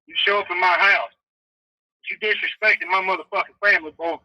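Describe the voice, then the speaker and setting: A man's voice: sits high, fairly even intonation, fairly quick, sharp tone, no echo, poor audio. A man calling in over a phone on speaker, ranting angrily with constant profanity and threats, often stammering and restarting. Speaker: phone-in guest. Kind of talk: angry call-in rant.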